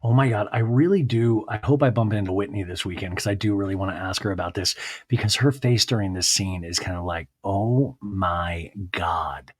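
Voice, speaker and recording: A man hosting a solo podcast, recapping a reality TV episode in a gossipy, animated way. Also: on the low side, fast talker, husky, no echo. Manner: gossipy, animated retelling with laughs. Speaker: podcast host.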